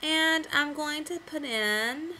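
Bright-voiced woman teaching kids software. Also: high voice, slow pace, a little hiss or hum, rough recording. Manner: patient, step-by-step classroom explaining. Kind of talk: screen-recorded software tutorial for kids.

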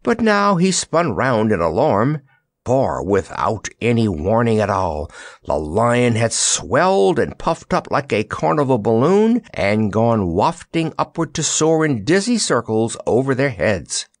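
A man narrating a children's storybook with an expressive, animated delivery. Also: medium pitch, measured pace, dry recording. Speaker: audiobook narrator. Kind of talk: storybook reading.

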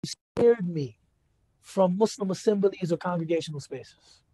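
Man, lecturer, storytelling, high pitch, husky, conversational, dry sound. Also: measured pace, dark tone, no echo. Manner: conversational, frequent rhetorical "right?" and "you know". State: moved to emotion. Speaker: Islamic speaker giving a lecture.

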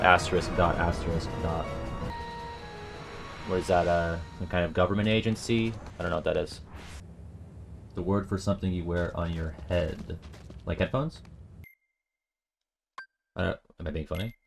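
Young man, low voice, game streamer, swears a lot, jokey, mumbles then yells, faint music behind. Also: fairly even intonation, normal speed, gravelly, pauses often. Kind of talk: casual game-stream commentary.

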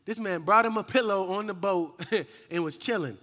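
A young man preaching a slangy, call-and-response youth sermon, rising into shouts. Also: high voice, normal speed. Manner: lively and slangy, calls out to the crowd and rises to shouts. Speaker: youth minister. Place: hall with a youth group. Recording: echoey hall with long reverb.

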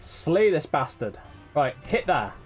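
A man's voice: a little high, sing-song, slow pace, husky, soft background music. A man streaming a game live, swearing often, laughing and teasing his chat. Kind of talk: live gameplay commentary.

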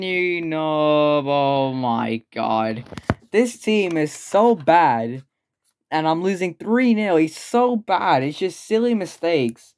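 A man's voice: fairly high pitch, animated, slow pace, smooth. A young man commentating his own football video game match, frustrated and exclaiming, often swearing at his players. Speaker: gameplay streamer. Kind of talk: live gameplay commentary.

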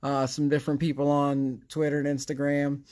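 A man's voice: a little high, monotone, a little fast, a little mellow. A man hosting a casual card-opening vlog, chatty and rambling, with a sarcastic streak. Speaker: card collecting channel host.

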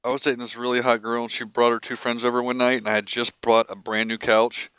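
Man, 20s, casual storytelling, crude, bright, smooth. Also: mid-range voice, fast, no room sound. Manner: crude, animated, laid-back. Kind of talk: casual storytelling among friends.

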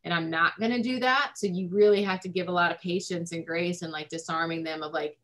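Woman therapist with a low-pitched voice, relaxed chatty delivery full of fillers. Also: fairly quick, few pauses. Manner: informal, many fillers like "um" and "like". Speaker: family therapist. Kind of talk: casual explanatory chat.

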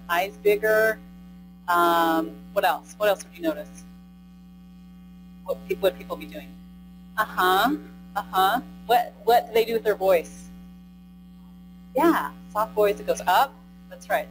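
A woman presenter talks a live audience through a training session in a relaxed, conversational way. She keeps checking in with "right?" and tosses questions to the room, and her voice sits at an ordinary middle pitch over clear background music. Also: rough recording.

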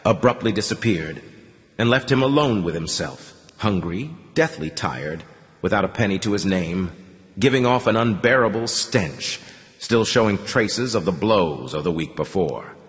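Male audiobook narrator, low voice with wide swings, dramatic. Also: animated, normal speed, in a large hall. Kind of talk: scripted narration.

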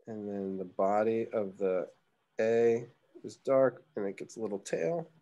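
A man's voice: lowish voice, a little slow, dark tone, muffled recording. A young man teaching a live drawing class, chatting casually and thinking aloud as he sketches. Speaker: art teacher.

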